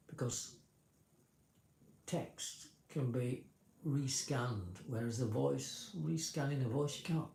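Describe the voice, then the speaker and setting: A man's voice: mid-range voice, gravelly, warm tone, roomy sound, a little hiss or hum. A man vlogger talking casually to a livestream in a rambling, explanatory way, often restarting his sentences. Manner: rambling, self-correcting, explanatory.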